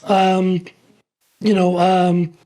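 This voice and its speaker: A man's voice: high-pitched, monotone, drawn-out words, dark tone. A man co-hosting a music talk show, a songwriter himself, rambling and playful with many fillers. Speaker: co-host, songwriter. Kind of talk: conversational interview.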